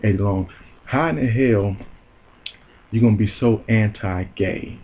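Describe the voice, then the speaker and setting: A man's voice: lowish voice, unhurried, narrow, tinny audio, a little hiss or hum. A man hosting a comedy show, delivering a heated, profane and mocking rant. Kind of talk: ranting comedic commentary.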